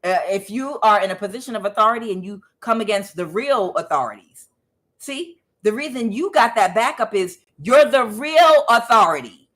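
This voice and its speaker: A woman's voice: on the high side, expressive, normal speed, a bit bright. A woman tarot reader giving a casual, emphatic spiritual reading, preachy and blunt, with some swearing.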